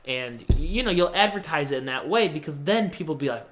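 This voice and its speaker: A young man hosting a podcast, casually telling a personal story and acting out the people he quotes with big pitch jumps. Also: animated, moderate pace, few pauses, a bit bright. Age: young adult. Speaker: podcast host.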